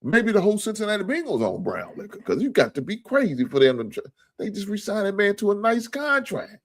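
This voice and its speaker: Guy hosting a sports stream, joking and cussing, real lively voice going up and down. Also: high voice, fairly quick. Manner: loud, joking, swears freely, thanks donors. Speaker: sports talk show host. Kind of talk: casual livestream sports talk.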